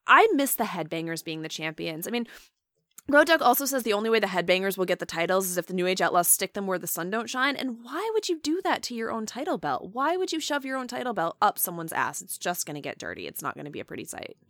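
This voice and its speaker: A woman's voice: on the low side, lively intonation, quick pace, fairly bright tone, dry recording, clean studio sound. A young adult woman co-hosting a casual chat show, talking in a wry, chatty way with lots of asides. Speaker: podcast co-host. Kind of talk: casual chat reviewing wrestling.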